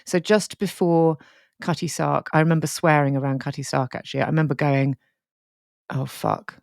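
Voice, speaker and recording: A woman's voice: low-pitched, steady tone, fairly quick, gravelly, darkish tone, no echo, studio quality. A woman co-hosting a podcast, telling a candid, sweary, emotional story in casual chat. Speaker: podcast co-host.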